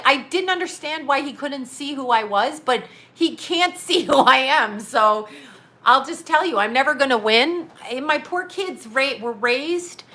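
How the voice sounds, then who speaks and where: A woman in her forties chats into her phone camera from a small home studio. Her voice is bright and a touch high. She talks bluntly and rambles, laughing often between thoughts. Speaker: psychic medium and vlogger. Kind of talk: casual livestream chat.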